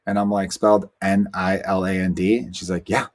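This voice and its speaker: A male stand-up comedian from Chicago hosting a solo podcast, telling crowd stories in animated, rambling fashion with quoted dialogue. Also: fairly quick. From Chicago, USA. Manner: animated storytelling with quoted dialogue, jumps up in pitch when worked up.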